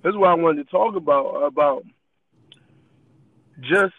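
A man with a high voice tells a rambling story in casual chat, laughing as he goes. His loose, easy delivery comes through a tinny, phone-like line. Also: a little slow, no room sound. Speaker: podcast co-host.

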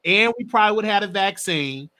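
A man's voice: high-pitched, animated, fast, pushed and bright. A man hosting a live stream, giving casual, emphatic political commentary and swearing now and then.

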